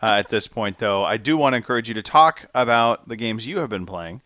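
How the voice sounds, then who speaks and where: Animated, teasing male podcast host. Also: fairly low pitch, brisk, no echo, dull audio. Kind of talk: casual podcast chat.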